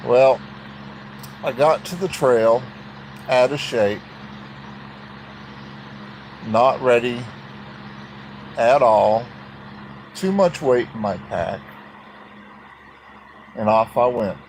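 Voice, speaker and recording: A man's voice: mid-range voice, slight background noise, low-quality recording. A man telling a personal story in a folksy, plain-spoken way.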